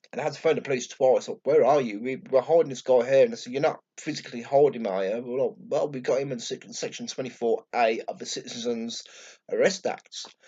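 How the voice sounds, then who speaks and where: A man with a Birmingham accent recounts a story to camera, blunt and sweary, and keeps slipping into the voices of the people in it. His voice sits at an ordinary middle pitch. The recording is dull and lo-fi. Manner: blunt, sweary and excitable, acting out quotes. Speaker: vlogger. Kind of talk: casual storytelling vlog.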